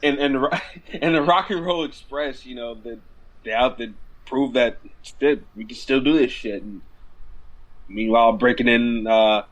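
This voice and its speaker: A man's voice: medium pitch, moderate pace, poor audio. Rambling, laughing wrestling podcast guy. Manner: rambling, laughs often, loose and profane. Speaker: podcast co-host. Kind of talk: casual wrestling chat.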